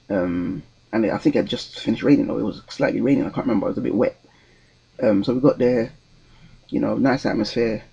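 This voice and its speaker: A man's voice: medium pitch, gravelly, dark tone, husky, dull audio. A young man, telling a story in a casual vlog with a rambling, hesitant delivery full of ums and restarts. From London, England. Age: 20s. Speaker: vlogger.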